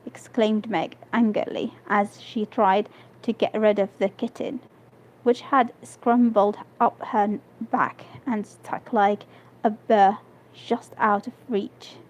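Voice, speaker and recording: A woman whose first language is Arabic, reading a novel aloud on a live stream, halting and restarting words. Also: mid-range voice, darkish tone. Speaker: reader. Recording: dull lo-fi stream audio.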